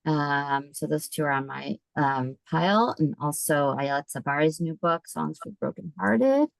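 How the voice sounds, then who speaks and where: Woman, low voice, gravelly, hesitant with many ums, dry close video-call audio. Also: expressive, normal speed, dry recording. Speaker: host of an online book event. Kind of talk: casual video call announcements.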